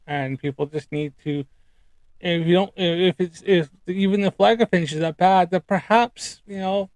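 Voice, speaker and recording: A man's voice: sits high, normal speed, darkish tone, no room sound. Rambling man, dry close sound. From United Kingdom. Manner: rambling, many ums and uhs. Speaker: streamer reacting to clips. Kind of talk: casual live-stream chat.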